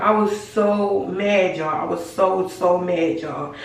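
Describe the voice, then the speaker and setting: A woman's voice: fairly low pitch, steady tone, slow, creaky, distant mic. A young woman casually telling a slangy storytime vlog, acting out her own heated lines. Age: young adult. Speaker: vlogger. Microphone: camera mic. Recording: echoey room, voice from the mic.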